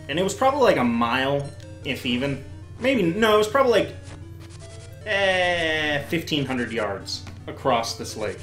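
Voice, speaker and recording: A young man hosting a show, chatting casually and telling stories in an animated way with a lot of swearing. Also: mid-range voice, moderate pace, reverberant, faint music behind. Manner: animated storyteller, swears freely. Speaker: host. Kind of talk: casual chat.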